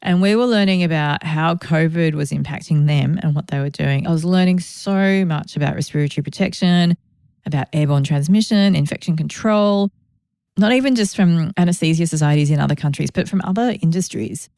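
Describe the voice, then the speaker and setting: Low gravelly woman podcaster. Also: a little fast, warm tone, dry recording, studio quality. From Australia. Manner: conversational, grateful, with asides. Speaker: podcast host. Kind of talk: reflective solo podcast talk.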